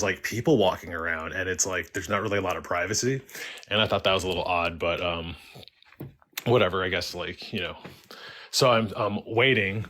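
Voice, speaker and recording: A man's voice: deep voice, fairly bright tone. A man calling in to a live stream, telling a story casually and rambling with many filler words. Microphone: live stream call-in.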